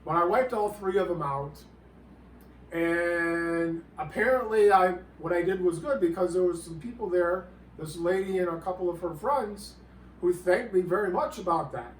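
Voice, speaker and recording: A man with a fairly high voice delivers a comedic monologue, rambling and halting and politely calling his listener sir. He sits well back from the microphone in a roomy, echoing space, with a faint ambient hum behind him. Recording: roomy, distant mic, faint background ambience.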